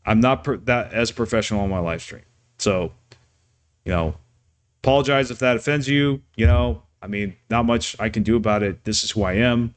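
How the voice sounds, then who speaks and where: A man talking off the cuff on his live stream, ranting and yelling at times, with many restarts and fillers. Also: lowish voice, normal speed.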